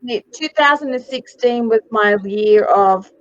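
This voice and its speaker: A woman in her forties, a psychic medium guest, telling stories in a dramatic, animated way and swearing freely on a video call. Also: fairly high pitch, measured pace, no room sound, highs cut off. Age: 40s. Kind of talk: casual video interview chat.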